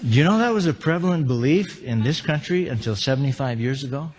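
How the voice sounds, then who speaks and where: A man's voice: medium pitch, lively intonation, fast talker, darkish tone, slight background noise. A man giving a live seminar talk, telling humorous stories and asking the audience questions. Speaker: motivational speaker. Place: large lecture hall with live audience. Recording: long hall reverb.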